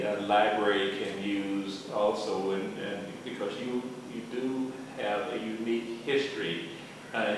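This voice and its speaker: A man interviewing for an oral history, speaking formally with many hesitations. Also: fairly low pitch. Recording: echoey room, mic at a distance, faint hiss.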